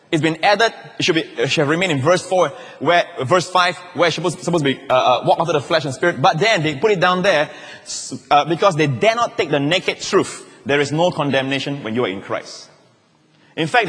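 A man preaching a sermon to a church crowd, animated, often checking in with "all right?" and rising to shouts on key lines. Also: fairly high pitch, breathy edge. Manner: repeats words and restarts, asks the crowd "all right?". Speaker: pastor. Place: large church hall. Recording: live hall echo.

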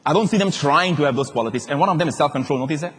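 Pastor guy preaching, kinda husky, bit high voice, jokey and animated. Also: rapid-fire. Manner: animated, joking, acts out quotes. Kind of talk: sermon. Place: large church hall. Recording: long reverb of a large hall.

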